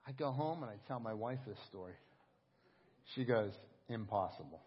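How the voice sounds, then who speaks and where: Husky-voiced pastor preaching in a hall. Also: male voice, medium pitch, moderate pace. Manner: storytelling, animated and conversational. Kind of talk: sermon. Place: church service. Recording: dull echoing church hall audio.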